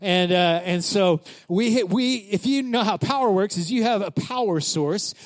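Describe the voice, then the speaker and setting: A man preaching in a church, telling a story in a chatty, animated way, with many filler words. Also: sits high, measured pace. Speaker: pastor. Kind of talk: sermon told as a casual story.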